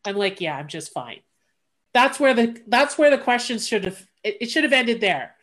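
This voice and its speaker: A woman's voice: on the high side, moderate pace. A woman in casual conversation, candidly retelling a personal story, with frequent restarts and blunt asides. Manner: candid, animated retelling with quoted voices, blunt.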